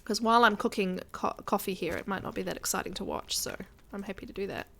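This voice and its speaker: A woman's voice: mid-range voice, fast, creaky, fairly bright tone. A woman chatting casually with her viewers while she plays a game on a live stream. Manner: chatty, addresses viewers directly.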